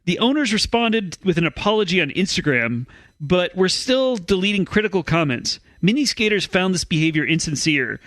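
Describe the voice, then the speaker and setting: A man's voice: high-pitched, fairly bright tone, no echo, low-quality recording. A man co-hosting a comedic news podcast, reading stories and hesitating self-consciously between laughs.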